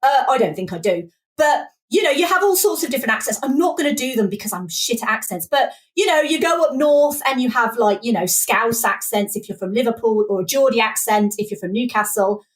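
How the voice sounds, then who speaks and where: An English woman with a Midlands accent, a podcast guest chatting casually, animated and laughing as she quotes lines. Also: a little high, fairly quick, few pauses. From England. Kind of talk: casual chat.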